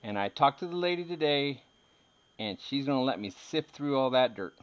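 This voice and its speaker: A man's voice: mid-range voice, animated, normal speed. A man in his thirties chatting casually as he shows his metal detecting finds, rambling and joking with frequent laughs. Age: 30s. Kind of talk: casual chat showing finds.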